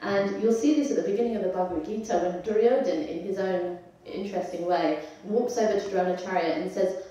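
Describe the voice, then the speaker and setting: A woman's voice: medium pitch, brisk, mellow, dull audio. A woman giving a devotional scripture class in a conversational way, asking her audience questions as she goes. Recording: echoey temple hall, voice from far off.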